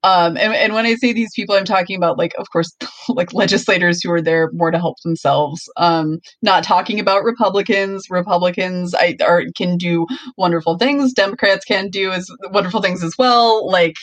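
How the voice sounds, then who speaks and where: A woman's voice: on the low side, steady tone, normal speed, no room sound. A young woman co-hosting a podcast, chatting casually and full of likes and ums. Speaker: podcast co-host. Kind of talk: casual chat.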